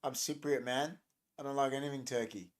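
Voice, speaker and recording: Brisk and fairly even in intonation, the mid-range voice belongs to a young man hosting a livestream. He keeps things loose, rambling and cracking jokes while he reacts to the chat.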